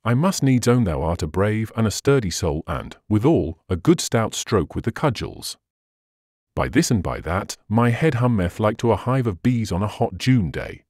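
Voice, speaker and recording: A man giving voice to a bold, merry outlaw chief who boasts in old-fashioned speech. The voice sits low and swings lively through each line, read close and dry like a storybook recording. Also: normal speed, no echo. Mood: hearty. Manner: archaic hearty speech, laughing boasts. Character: merry bold male outlaw leader, hearty.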